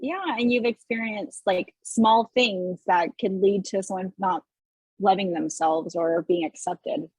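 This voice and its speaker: A woman guest on a podcast, talking in a thoughtful, supportive, measured way. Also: medium pitch, steady tone, darkish tone, breathy edge, no echo, low-quality recording. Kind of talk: casual chat.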